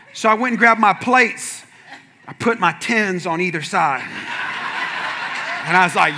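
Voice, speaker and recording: A man preaching as a pastor, telling a funny personal story in a lively way and acting out the other people in it with sudden shouts. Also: high-pitched, moderate pace, long pauses, slight background noise. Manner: animated, acts out quotes with sudden shouts. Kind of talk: humorous sermon storytelling.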